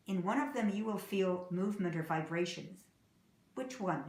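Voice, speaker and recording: A woman teaching English pronunciation, saying example words slowly and clearly and repeating them. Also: medium pitch, reverberant. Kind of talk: slow, deliberate pronunciation lesson.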